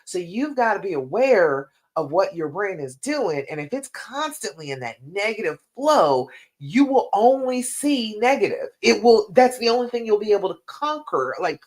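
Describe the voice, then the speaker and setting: A woman coach chatting live to her viewers, her pitch swooping up and down as she stresses points. She talks in a lively, emphatic way, speaking straight to the audience. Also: normal speed. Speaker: relationship coach. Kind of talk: live-stream advice chat.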